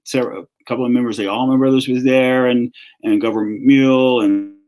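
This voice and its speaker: A man's voice: mid-range voice, steady tone, fairly quick, a little mellow, low-quality recording. Southern man telling stories, rambling. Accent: Southern American. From North Carolina. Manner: rambling, storytelling, frequent restarts and fillers. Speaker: guest author and critic. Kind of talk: casual interview talk.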